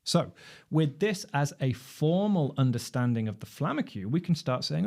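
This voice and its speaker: A man teaching drumming in a measured, explanatory lecture, posing rhetorical questions as he goes. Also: a little high, very animated, gravelly, a little mellow. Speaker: drum instructor. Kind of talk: instructional lecture.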